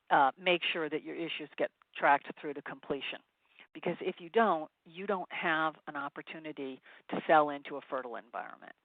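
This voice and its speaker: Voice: medium pitch, dry recording. A consultant giving a webinar presentation, offering direct advice to sales teams, with frequent "um" fillers. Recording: tinny phone-line webinar audio, dry.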